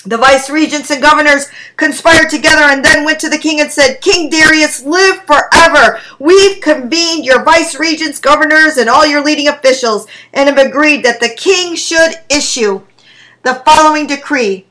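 Woman preacher reading scripture slow n deliberate, high bright voice. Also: low-quality recording.

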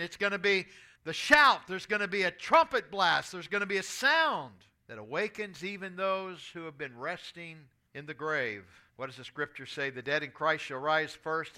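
A man's voice: a little high, pushed and bright. A man in his sixties preaching a sermon, telling stories and reading scripture aloud in an earnest way. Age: 60s. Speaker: pastor.

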